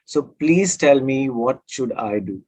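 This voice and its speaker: A man's voice: mid-range voice, animated, takes it slowly, darkish tone, dry recording. A man voicing a grieving village father who asks a hermit for help in an earnest, beseeching way. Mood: pleading. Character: grieving, pleading male villager.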